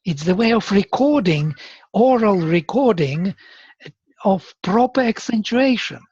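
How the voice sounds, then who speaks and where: Patient teacher, breathy tone, muffled call audio, steady middle pitch. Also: a little slow, dry recording. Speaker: Sanskrit teacher. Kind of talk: online class explanation.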